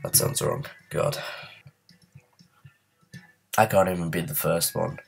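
A man with a very deep, low voice narrates his gameplay as a let's play, sounding ill and growing frustrated. He mutters and swears at the game between comments, with a faint hiss behind him. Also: slow, vocal fry. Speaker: gaming channel host.

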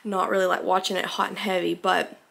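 Gravelly woman vlogging. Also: fairly low pitch, flat delivery, fairly quick, a bit bright. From Alabama. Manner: rambling, filler-heavy, chatty. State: a little out of breath. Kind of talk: casual vlog chat. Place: at home.

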